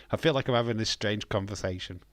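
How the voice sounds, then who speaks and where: A man's voice: lowish voice, moderate pace, no echo. English man bantering with his live chat. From England. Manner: jokey, banters with chat, bursts of laughter and loud exclamations. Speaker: live stream host. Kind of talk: casual live-stream chat reading viewer comments.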